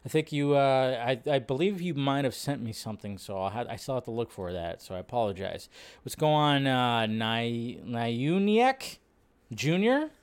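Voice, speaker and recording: A man's voice: mid-range voice, lively intonation, moderate pace, smooth. Chatty man hosting a livestream. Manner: chatty, greets viewers and reads chat aloud; talks to himself while fixing his setup. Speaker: livestream host. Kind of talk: casual live-stream chat.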